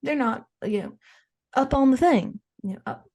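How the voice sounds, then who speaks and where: A woman's voice: sits high, moderate pace. Woman doing a frazzled gossipy rich mom, rambles on and on, acts out everybody's lines, comedy podcast. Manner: rambling, animated storytelling with acted-out quotes. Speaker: podcast host character.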